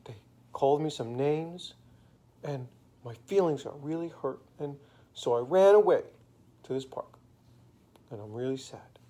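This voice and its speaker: A man's voice: a little high, expressive, measured pace, long pauses, dark tone. A man voicing a timid, sad little girl who sniffles and stammers in an improvised bedtime story. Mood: sniffly, shy.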